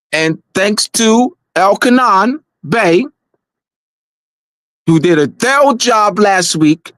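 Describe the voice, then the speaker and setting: A man with a high voice gives an emphatic talk, driving each point home again and again. He speaks slowly and deliberately, often restarting his sentences. The sound is dry, with no room echo. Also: fairly bright tone. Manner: insistent, repeats key points, frequent restarts. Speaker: presenter of a weekly talk show. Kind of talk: emphatic lecture-style talk.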